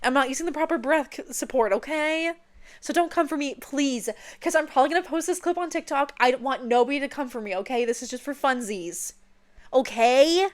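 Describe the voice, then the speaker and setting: A woman's voice: sits high, brisk. A young woman chatting playfully while seated, often checking in with "okay?". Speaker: vlogger. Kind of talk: casual chat.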